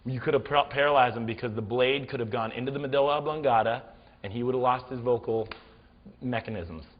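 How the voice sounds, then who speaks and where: A man playing a stern father who lectures his son in rapid, clinical detail. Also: mid-range voice, long reverb tail, highs cut off, natural voice. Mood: lecturing.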